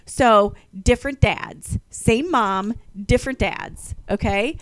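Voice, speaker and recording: A woman's voice: a little high, takes it slowly. A woman in casual chat, telling stories animatedly and acting out the voices of people she quotes.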